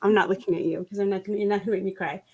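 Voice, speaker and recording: A woman's voice: mid-range voice, steady tone, racing, darkish tone, breathy edge, muffled recording. A middle-aged woman hosting a casual craft livestream, telling stories with frequent laughs and restarts. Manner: chatty storyteller, laughs often, many restarts. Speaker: livestream host.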